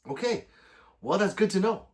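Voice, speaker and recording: A man hosting a casual livestream, reading viewer comments aloud, joking and swearing freely with loud sudden outbursts. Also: sits high, expressive, normal speed. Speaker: gun channel livestream host.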